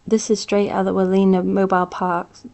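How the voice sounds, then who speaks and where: A woman's voice: medium pitch, completely flat delivery, a little fast, vocal fry, darkish tone, lightly acted. Woman doing a patronising male landlord.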